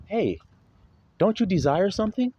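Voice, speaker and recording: A man voicing a sly male devil who coaxes and tempts in a hushed, quick voice. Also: high voice, big pitch swings, husky, no room sound, dull audio, voice pushed up, full character voice. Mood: tempting.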